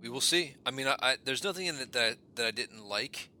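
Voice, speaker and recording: A man's voice: mid-range voice, lively intonation, brisk, bright, forceful tone, slight background noise. A man co-hosting a podcast in casual movie chat, rambling loosely and swearing in passing. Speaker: podcast co-host.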